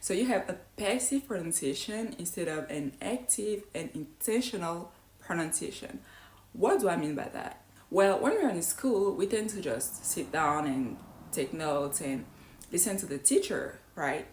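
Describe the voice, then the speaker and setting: A woman whose first language is not English gives an English pronunciation lesson. Her voice sits slightly low, and she explains each point step by step, often checking in with "right?". The room around her is echoey. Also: expressive, a little slow.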